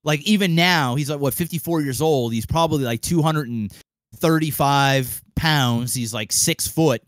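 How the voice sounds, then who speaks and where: A young man on a podcast mic, telling a long story in an animated, casual way, swearing freely and acting out the people in it. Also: fairly high pitch, moderate pace, dry recording. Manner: animated, acts out quoted voices, swears freely. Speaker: podcast co-host.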